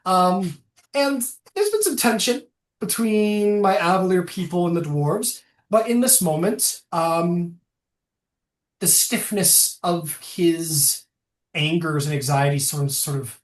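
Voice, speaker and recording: A game master narrating a tabletop game, rambling and stopping often to correct themselves. The voice sits at a middle pitch. It carries an echoey room sound. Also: animated, unhurried. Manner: rambling, full of fillers and self-corrections.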